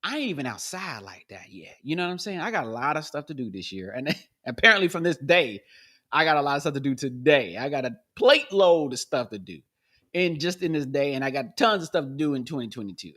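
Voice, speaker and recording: A man hosting a podcast in a loose comedic monologue. He jumps from high yelps to low mutters and throws in goofy sound effects. His voice is bright and forceful, and his pitch swings widely. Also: very animated, a little fast. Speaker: podcast host.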